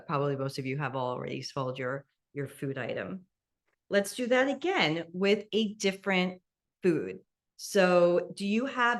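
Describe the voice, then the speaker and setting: A woman with a fairly low voice leads a mindful eating meditation, her pace slow and gentle. She guides students step by step and laughs softly now and then. She speaks over a video call. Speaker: meditation instructor.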